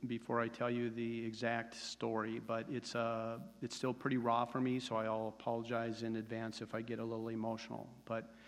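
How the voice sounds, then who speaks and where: A man in his sixties gives his personal testimony to a congregation in an earnest, steady way, hesitating now and then. His delivery is flat and even, and his voice carries a long reverb through a large church sanctuary. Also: mid-range voice, moderate pace, hardly any pauses. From United States. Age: 60s. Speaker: church member giving testimony.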